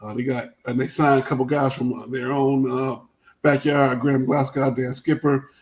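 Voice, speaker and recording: A man hosting a casual sports talk show, telling stories in a rambling, animated way with many restarts. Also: mid-range voice, moderate pace, low-quality recording.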